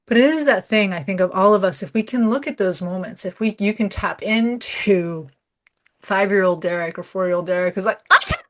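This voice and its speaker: A woman's voice: mid-range voice, brisk. A middle-aged woman coach in casual conversation, telling stories and acting out the voices in them. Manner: animated storyteller, acts out quoted dialogue.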